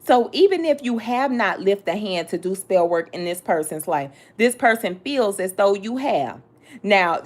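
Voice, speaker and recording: A tarot reader with a medium-pitched, darkish voice gives her reading bluntly and with plenty of sass. She addresses the listener directly, using slang and cursing.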